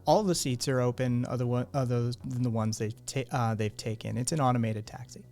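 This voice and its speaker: A man's voice: mid-range voice, fairly even intonation, brisk, a little mellow, faint music behind. A man narrating a tabletop game as game master, in loose, filler-heavy narration with many restarts.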